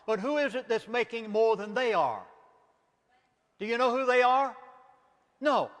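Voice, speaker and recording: Emphatic Southern preacher lecturing. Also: male voice, high voice, a bit bright, long reverb tail. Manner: emphatic, preacherly, rhetorical questions. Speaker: minister giving a lecture. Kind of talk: impassioned lecture.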